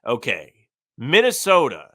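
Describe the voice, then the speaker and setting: Podcast co-host, male, bright and punchy tone, dry close sound, casual opinionated delivery. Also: mid-range voice, huge pitch swings, unhurried, no room sound. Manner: reads listener comments aloud, opinionated and conversational. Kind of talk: casual sports podcast chat.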